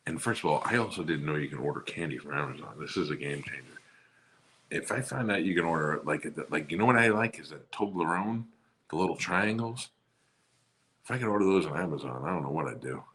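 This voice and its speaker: Deep bright husky man chatting. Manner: profane, rambling, jokey. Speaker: podcast co-host. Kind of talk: casual chat.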